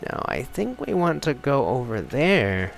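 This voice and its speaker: Brief: excitable young male let's-player, very animated pitch, game music faintly underneath. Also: a little slow, vocal fry. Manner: excitable, chatty, rambling with restarts. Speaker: let's play host. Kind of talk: casual gameplay commentary.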